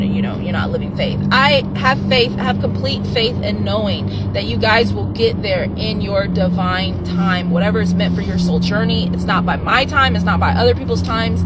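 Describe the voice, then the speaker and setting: A woman's voice: on the high side, distant mic, very noisy. A woman giving casual spiritual advice in an emphatic, preachy way and swearing freely.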